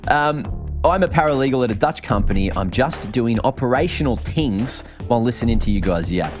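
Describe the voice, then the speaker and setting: A man's voice: mid-range voice, expressive, fairly quick, music in the background. An Australian man from New South Wales, casting a live esports match in casual, joking banter. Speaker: esports caster.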